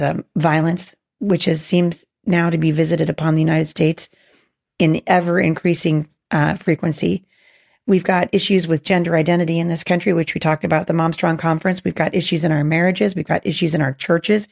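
A woman hosts a faith podcast in a hoarse, gravelly voice that is lowish and a little mellow. She sounds earnest and encouraging, restarting her sentences many times.

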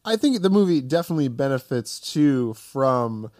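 Podcast co-host, male, mid-pitched, loose conversational delivery, dry studio sound. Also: sing-song, moderate pace, darkish tone, dry recording. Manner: conversational, lots of filler "like". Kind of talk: casual film discussion.

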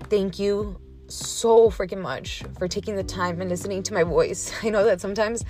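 A woman's voice: medium pitch, steady tone, normal speed, darkish tone, soft background music. A woman from Texas hosting her own podcast, talking candidly and a little shakily, loose with casual fillers. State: emotional, a little shaky. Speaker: podcast host. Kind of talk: casual solo podcast monologue.

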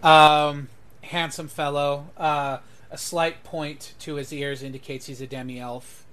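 A man's voice: a little high, fairly even intonation, takes it slowly, a bit bright. A man narrating a tabletop game as game master in a loose, hesitant way. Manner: loose, lots of ums and uhs.

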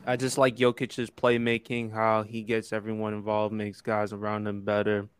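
A man's voice: on the low side, completely flat delivery, normal speed, smooth, no room sound. A man co-hosting a basketball podcast, questioning the others' picks and then explaining his own. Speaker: podcast co-host. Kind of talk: casual sports debate.

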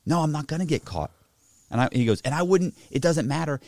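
Animated man telling a story. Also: a little high, brisk, no echo, clean studio sound. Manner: animated, profane, acts out both sides of a conversation. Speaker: podcast host telling a story. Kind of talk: casual storytelling.

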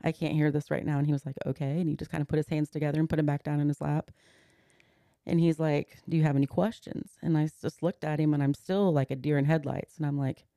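A woman in her forties tells a personal story in a podcast conversation, walking through events one step at a time. Her voice is warm and darker in tone, with a gravelly edge. The sound is close and dry, with no room around it. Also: deep voice, fairly even intonation, quick pace, no room sound. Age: 40s. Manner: earnest, recounting events step by step and voicing others' words. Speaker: podcast guest.

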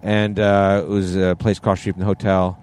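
A man's voice: low voice, level tone, brisk, darkish tone, clean tone. A middle-aged man co-hosting a podcast, chatting casually and rambling with restarts while riding in a car on a road trip. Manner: rambling, self-interrupting. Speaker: podcast co-host. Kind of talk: casual chat.

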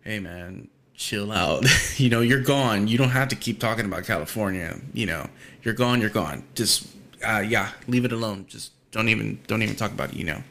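A man's voice: fairly low pitch, normal speed, gravelly, fairly bright tone. A man talking casually on a podcast over a call, laid-back and slangy, with many fillers.

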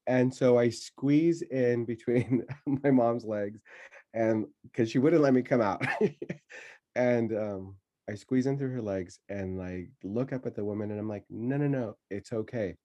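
A man telling a childhood story in casual conversation, laughing often and pausing with many fillers. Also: medium pitch, warm tone, muffled recording.

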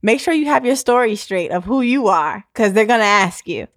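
A woman's voice: mid-range voice, animated, normal speed, no echo, clean studio sound. A woman co-hosting a podcast, giving playful advice in numbered tips and calling the listener "sis". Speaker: podcast co-host. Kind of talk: casual chat.

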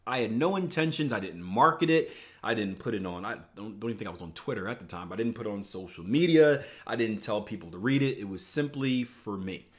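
A man's voice: on the low side, fast talker. A middle-aged man who coaches traders, talking casually and motivationally, often asking "right?" and restarting his words. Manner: conversational, repeats "right?" often, animated rises. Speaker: trading coach.

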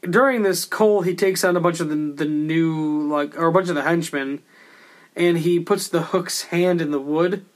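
Male co-host, higher voice, casual joking film talk with some swearing. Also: moderate pace. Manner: loose, joking, swears, does silly voices. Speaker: podcast co-host reviewing a film. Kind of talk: casual chat.

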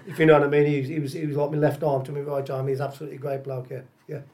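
Middle-aged man, rambling casual chat, a touch high-pitched. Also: flat delivery, very fast, few pauses, darkish tone, slight background noise. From Tipton, England. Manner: chatty, rambling, repeats phrases. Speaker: guest, former footballer.

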